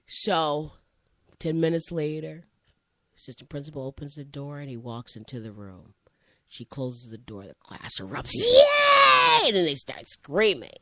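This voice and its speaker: A woman who works as a high school teacher, chatting and telling a classroom story in a rambling way and acting out the voices in her quotes. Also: moderate pace, no echo, raised voice. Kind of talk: conversational storytelling.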